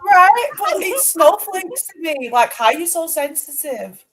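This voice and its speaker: A woman's voice: extremely high pitch, sing-song, measured pace, crowd noise. A woman chatting casually on a live stream, agreeing with the host and telling what happened with quoted lines.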